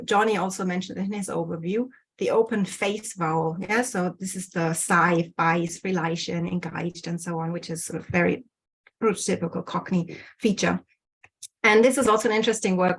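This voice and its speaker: Hesitant woman giving an online lecture. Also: medium pitch. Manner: hesitant, many ums and self-corrections. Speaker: guest speaker presenting research. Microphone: video call.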